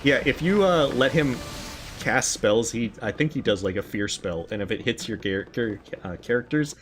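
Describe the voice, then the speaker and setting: A man giving casual gameplay commentary, relaxed and rambling, with frequent fillers. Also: medium pitch, normal speed, slight background noise. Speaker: gaming channel host.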